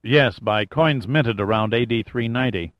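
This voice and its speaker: A man reading as a calm male expedition leader who speaks in a level, matter-of-fact way, in a dry, slightly muffled audiobook recording. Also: mid-range voice, normal speed, no room sound, natural voice.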